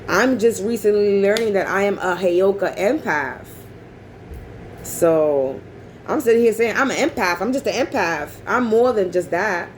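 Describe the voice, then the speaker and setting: A woman's voice: medium pitch, unhurried, a little hiss or hum, rough recording. A woman vlogger in a rambling casual monologue, talking bluntly and profanely.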